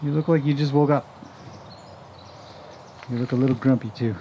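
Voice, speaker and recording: Here a horse trainer walks around a farm for a casual vlog, chatting to the camera and talking fondly to the animals outdoors. His mid-range voice is steady and warm, at normal speed. The recording has its highs cut off, plus a little hiss or hum.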